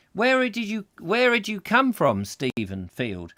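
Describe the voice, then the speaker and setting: A man's voice: high voice, huge pitch swings, a little slow, fairly bright tone. Rambling jokey chat show host, man. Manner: rambling, jokey, thinking aloud. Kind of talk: live comic chat show.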